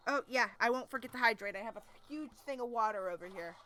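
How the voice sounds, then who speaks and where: A woman streamer reads a webcomic aloud on a casual live stream, breaking off for chatty asides and frequent laughs. Her voice is bright and a little high. She moves easily between reading and talking to her viewers. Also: fast, few pauses.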